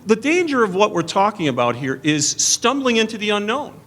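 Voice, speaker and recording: A man's voice: sits high, sing-song, a little fast, fairly bright tone. Earnest middle-aged man debating. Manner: earnest, repeats and restarts under pressure. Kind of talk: debate answer. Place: theatre stage at a podium.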